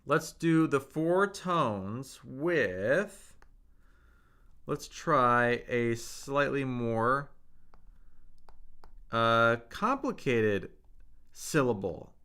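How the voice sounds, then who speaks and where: A man's voice: mid-range voice, expressive, pushed and bright. A man teaching a live-streamed Mandarin lesson, patiently drawing out tone drills and answering chat questions. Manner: slow, patient, drawn-out tone demonstrations.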